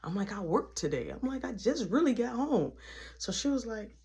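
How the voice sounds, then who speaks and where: High, lively young man telling a story. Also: normal speed. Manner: animated, acts out every quote; drops to a hushed voice for tender moments. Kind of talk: casual storytime.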